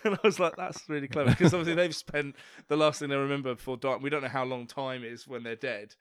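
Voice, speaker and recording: A man chatting casually as a podcast co-host, laughing often and breaking into loud put-on voices. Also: mid-range voice, fairly even intonation, quick pace, clear, resonant tone, dry recording. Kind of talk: casual chat.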